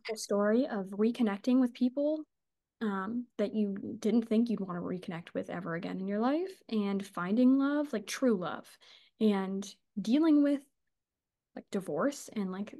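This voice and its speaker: A woman's voice: mid-range voice, normal speed, mellow. A woman co-hosting a casual book podcast, gushing and chatty, swearing and laughing as she talks. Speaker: podcast co-host.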